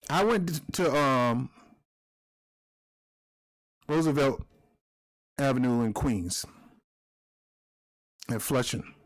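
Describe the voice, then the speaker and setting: A man's voice: medium pitch, animated, drawn-out words, pauses often. A man hosting his own commentary video, talking in an emotional, fired-up rant.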